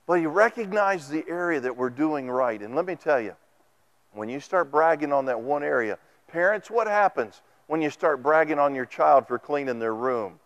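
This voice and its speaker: A man delivering a sermon in a church, speaking into a microphone. His voice sits high for a man and moves animatedly. The delivery is folksy, full of stories and acted-out quotes. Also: animated, normal speed, fairly bright tone, muffled recording. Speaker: preacher. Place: church sanctuary.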